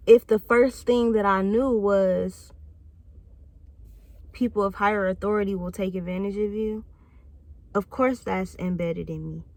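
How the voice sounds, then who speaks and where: A woman's voice: medium pitch, no echo. A woman in her thirties talking bluntly and reflectively in a candid vlog monologue, swearing freely. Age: 30s. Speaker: channel host.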